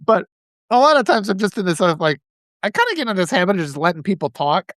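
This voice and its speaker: A man hosting a live video, telling rambling, animated anecdotes full of restarts. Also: high voice, fast, no echo, studio quality. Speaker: live-stream host. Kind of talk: casual storytelling on a live video.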